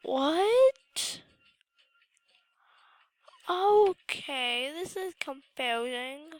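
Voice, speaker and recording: A woman's voice: high voice, extremely slow, no echo, poor audio. A teenage girl, sick with a sore throat, commenting on her gameplay at home with panicky outbursts and occasional whispers. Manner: excitable, panicky exclamations, drops to whispers. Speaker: gamer.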